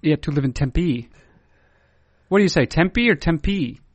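Mock-formal, playful man, fairly high voice. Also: lively intonation, brisk, dry recording. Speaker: podcast host. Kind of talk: casual podcast chat.

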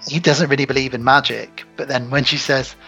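A man with a gravelly, husky voice and a bright, forceful edge, talking through a film in casual podcast chat. He is animated and breaks into put-on voices for the characters. Faint music sits under the talk. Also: mid-range voice, a little fast, rough recording. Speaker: podcast co-host.

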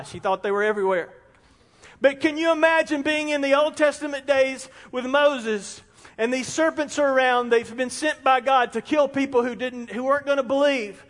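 Male pastor, very high voice, excitable and repetitive preaching, big church reverb. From South Carolina. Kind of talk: sermon. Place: church sanctuary. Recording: long reverb in a large hall.

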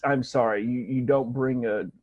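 Husky man on a dull lo-fi line. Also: mid-range voice, steady tone, normal speed, a little mellow, dry recording. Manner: blunt, incredulous. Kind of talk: casual chat. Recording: slightly dull lo-fi sound.

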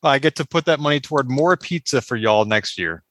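A man's voice: medium pitch, animated, brisk, fairly bright tone, no echo. A man on a podcast panel chatting in a wry, good-humored way. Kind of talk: casual chat.

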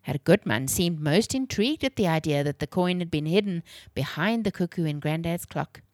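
Clear, expressive woman storyteller. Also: on the low side, normal speed, no room sound, studio quality. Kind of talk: children's story reading.

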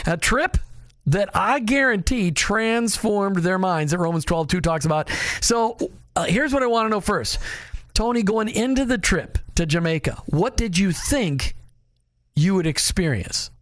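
Man, middle-aged, radio host, slightly high voice, joking, quick questions, dry studio mic. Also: animated, fairly bright tone, no room sound. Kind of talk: casual radio chat. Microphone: studio microphone.

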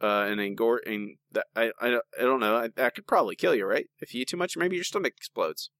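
A man's voice: medium pitch, quick pace, fairly bright tone, no echo. A man co-hosting a podcast in casual chat, talking in an opinionated, rambling way with lots of restarts. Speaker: podcast co-host.

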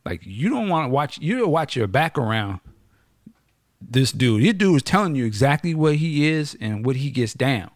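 A man's voice: mid-range voice, no echo, clean studio sound. A man hosting a podcast in casual chat, joking and restarting his sentences as he goes. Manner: animated, joking, halting restarts. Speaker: podcast host.

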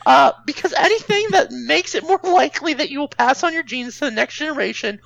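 A woman's voice: sits high, animated, brisk, gravelly, fairly bright tone, dull audio. A woman co-hosting a podcast, explaining things in casual chat with flippant jokes and laughter. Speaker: podcast co-host.

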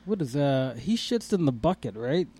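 Joking middle-aged podcast co-host. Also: male voice, mid-range voice, very animated, moderate pace, dark tone, breathy edge. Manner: joking banter, chuckling, drawling on punchlines. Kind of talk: casual chat.

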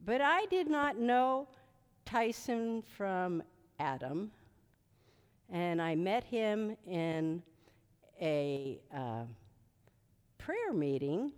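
A woman preaching a sermon, shouting commands at times and telling chatty stories with asides. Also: mid-range voice, drawn-out words, pauses often. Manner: animated, shouting commands at spirits, then chatty storytelling with asides. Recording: reverberant hall.

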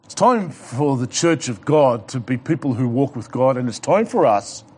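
A man's voice: mid-range voice, big pitch swings, moderate pace, breathy edge. A male pastor preaching a sermon, repeating his key points, asking the congregation questions and building to urgent exhortation.

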